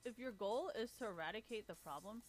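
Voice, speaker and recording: A woman's voice: medium pitch, expressive, a little fast. Sarcastic, profane woman streamer. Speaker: livestreamer. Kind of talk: livestream rant.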